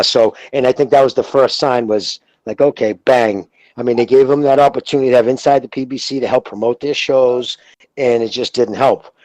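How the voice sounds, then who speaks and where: A man with a Boston accent calls in to a podcast and chats casually, trading blunt, profane, gossipy insider talk. His voice is medium-pitched and a little mellow, with no echo, though the recording is rough.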